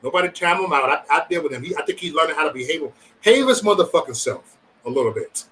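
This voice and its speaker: A man's voice: on the high side, quick pace, far from the mic, poor audio. A man hosting a casual livestream, chatting loosely and profanely with his viewers. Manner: loose, profane, animated banter with chat. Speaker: livestream host.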